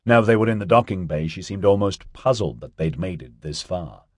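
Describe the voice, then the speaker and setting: A man narrating an audiobook in an expressive storytelling manner. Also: deep voice, normal speed, dry recording, studio quality.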